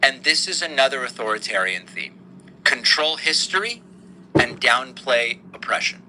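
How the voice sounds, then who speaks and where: A man's voice: mid-range voice, expressive, moderate pace, noisy background. A man giving pointed, critical political commentary in a played clip. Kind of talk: opinion commentary.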